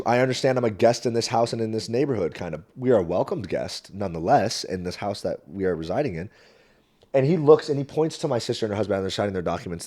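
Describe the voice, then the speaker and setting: A man hosting a podcast, telling a story in a casual monologue, swearing and addressing the listener directly. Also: fairly low pitch. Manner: profane, animated, talks to the listener directly. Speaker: podcast host.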